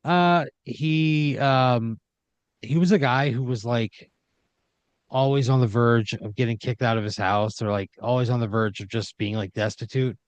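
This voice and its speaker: A man's voice: medium pitch, fairly even intonation, unhurried, clear, resonant tone, no echo. A man improvising a second-person story as a podcast storyteller, rambling with uhs and restarts.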